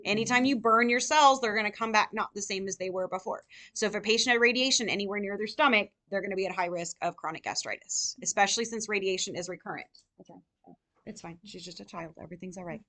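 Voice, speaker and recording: A woman nursing tutor lecturing a live class, firing rapid questions at her students. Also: medium pitch, pushed and bright.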